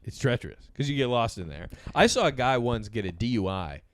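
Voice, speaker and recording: A man co-hosting a casual podcast, cracking quick jokes and telling anecdotes. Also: mid-range voice, lively intonation. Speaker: podcast co-host. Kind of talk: casual chat.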